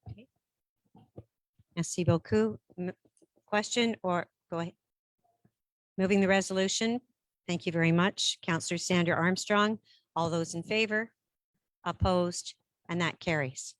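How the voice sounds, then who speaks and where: A woman chairing a regional council meeting in a brisk, procedural way, switching between English and French. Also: on the low side, no room sound. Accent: Canadian French-English bilingual.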